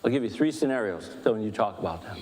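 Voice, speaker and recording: A man leading a church book discussion, talking fast with animated, self-deprecating humor. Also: on the low side, long reverb tail. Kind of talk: church teaching talk. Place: church hall.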